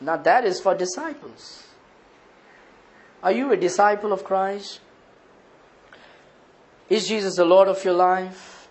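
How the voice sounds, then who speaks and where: A man's voice: high voice, slow, long pauses, low-quality recording. A man with an Indian English accent, preaching a sermon as pastor, asking the congregation rhetorical questions and repeating phrases.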